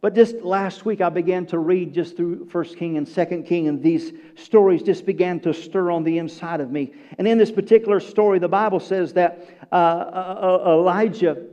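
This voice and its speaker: A man with a high voice preaches a sermon, swinging from loud, raised bursts down to hushed, low phrases and calling out to his congregation. The recording sounds dull and lo-fi. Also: steady tone, moderate pace, few pauses. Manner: calls out to the congregation. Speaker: pastor.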